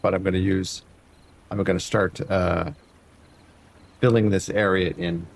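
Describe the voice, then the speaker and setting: Male streamer, low husky voice, casual running commentary while building. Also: level tone, measured pace. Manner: muttering, thinking aloud while building. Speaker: variety streamer.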